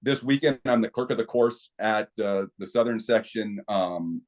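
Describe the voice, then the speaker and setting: A man's voice: on the low side, normal speed, darkish tone. A middle-aged man talking as a podcast guest, telling stories animatedly with many restarts. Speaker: podcast guest, equipment company owner. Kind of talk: casual interview talk.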